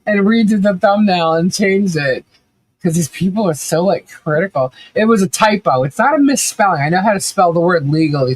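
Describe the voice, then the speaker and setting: A woman's voice: fairly low pitch, lively intonation, a little fast, no room sound. A middle-aged woman hosting a casual live stream, chatting animatedly and laughing often as she reacts to viewer comments. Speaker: livestream commentary host.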